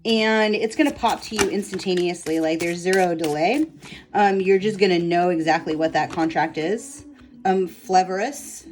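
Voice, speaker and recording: A woman leading a guided energy healing session, gently instructing a client and meandering with many ums and likes. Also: lowish voice, moderate pace, faint music behind, poor audio. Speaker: spiritual energy healer.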